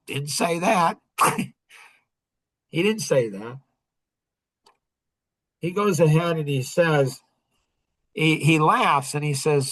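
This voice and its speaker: A man's voice: a little high, measured pace, pauses often, a bit bright, no echo. A man in his forties, a self-improvement speaker, telling a personal story in an earnest, rambling way with many restarts.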